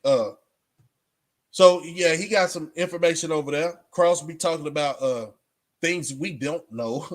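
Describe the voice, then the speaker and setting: A man's voice: on the high side, measured pace. Emphatic man preaching straight talk. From Texas. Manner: preachy, emphatic, repeats himself. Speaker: vlogger. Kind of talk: casual straight-talk monologue.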